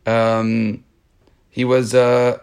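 Guy going through a talmud page, reading, mid-pitch voice, stops and restarts to explain in english. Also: monotone, extremely slow, a little mellow, clean tone. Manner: reads Aramaic aloud, then explains in English with frequent restarts. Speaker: Talmud teacher.

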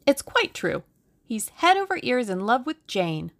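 A woman's voice: fairly high pitch, big pitch swings, a little slow, voice pushed up. A woman voicing a playful young Englishwoman in an audiobook, with a lilting, coy delivery. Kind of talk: audiobook character reading.

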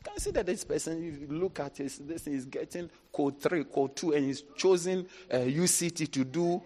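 A man, a bishop preaching a sermon, who swings from low, quiet asides up to laughing shouts. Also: moderate pace. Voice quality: animated, rising to shouts and laughter. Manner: preaching with call-outs and acted quotes. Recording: long reverb in a large hall.

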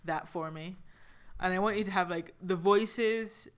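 A woman co-hosting a casual podcast chat, self-deprecating and giggly, telling family stories with lively exaggeration. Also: fairly low pitch, a little slow. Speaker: podcast co-host.

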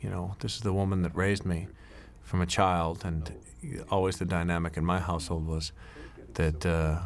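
Middle-aged man, very low voice, rambling director's commentary with lots of uhs and restarts. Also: little pitch movement, normal speed. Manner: rambling, anecdotal, many fillers and restarts. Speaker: film director. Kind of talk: DVD commentary.

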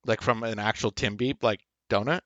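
A man's voice: fairly low pitch, steady tone, fairly quick, fairly bright tone, dry recording. A man co-hosting a podcast, chatting casually in a rambling way and swearing offhand. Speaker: podcast co-host. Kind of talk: casual chat. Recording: dry, dull lo-fi mic.

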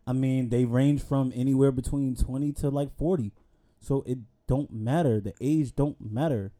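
A man's voice: medium pitch, normal speed, warm tone. A man co-hosting a casual podcast chat, telling dating stories in loose slang and acting out the quoted lines. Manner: laid-back slang storytelling, acts out quoted dialogue. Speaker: podcast co-host.

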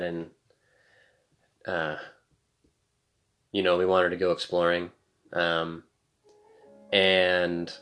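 A young man co-hosting a casual chat, telling a long story in a relaxed, rambling way and acting out the quotes. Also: low voice. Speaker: podcast co-host.

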